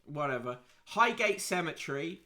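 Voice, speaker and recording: A man's voice: fairly high pitch, very animated, normal speed, pushed and bright. A man hosting a podcast, reading magazine snippets aloud and adding wry, sarcastic asides. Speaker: podcast host reviewing print media. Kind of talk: casual read-aloud commentary.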